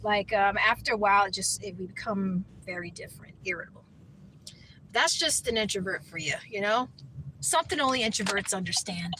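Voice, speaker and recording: A woman's voice: mid-range voice, brisk, noisy background. A woman vlogger talking in a casual, rambling way, full of "you know" and "like.". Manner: rambling, chatty, heavy on fillers like "you know". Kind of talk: casual vlog chat.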